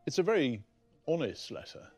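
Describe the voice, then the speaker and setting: A man's voice: a little high, sing-song, normal speed, soft background music. A man explaining historical documents in a documentary interview, reading passages aloud. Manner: explanatory, reads passages from papers.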